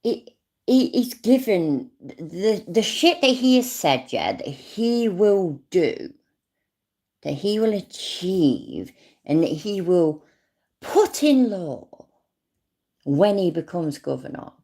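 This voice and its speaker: A woman's voice: fairly low pitch, very animated, slow pace, dark tone. A British woman giving casual, rambling commentary on a clip, sarcastic and swearing freely. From not American.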